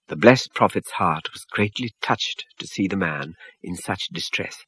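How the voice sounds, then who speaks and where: Man narrating, low husky voice, lively pitch, dry close sound. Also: a little slow, few pauses, no room sound. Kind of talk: scripted story narration.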